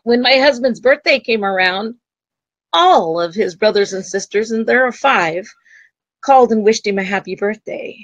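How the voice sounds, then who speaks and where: A woman's voice: a little high, animated, moderate pace, no room sound, highs cut off. A woman guest, a psychic medium, telling a story in an interview and acting out the voices she quotes. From United States.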